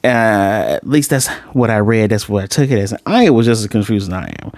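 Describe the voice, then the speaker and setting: Man, low voice, casual episode review, chatty, dry close sound. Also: lively intonation, brisk, a little mellow, no echo. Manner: chatty, amused, retells scenes. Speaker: anime reviewer.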